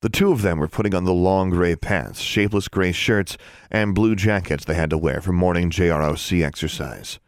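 Deep-voiced male audiobook narrator. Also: normal speed, no room sound, studio quality. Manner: expressive storytelling.

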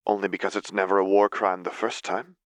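A man reading the lines of a wary, masked young woman mage in a fan fiction audiobook, speaking flatly and bluntly. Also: deep voice, fairly quick, no echo, close to an everyday voice. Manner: flat, blunt. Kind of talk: audiobook character voice.

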